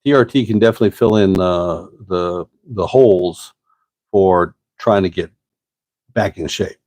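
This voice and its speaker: A man's voice: low voice, a little mellow, dry recording. Folksy man in his fifties. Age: 50s. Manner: rambling, folksy, drawn-out pauses. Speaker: host answering live chat questions. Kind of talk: casual live-stream chat.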